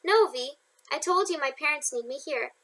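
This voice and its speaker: Woman reading a gentle young male artist. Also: high voice, lively intonation, normal speed, rough recording. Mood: tender.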